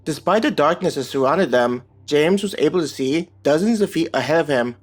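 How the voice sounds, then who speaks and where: A man narrating a fantasy web novel in an even, unhurried reading voice. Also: fairly high pitch. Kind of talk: scripted audiobook narration. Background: soft background music.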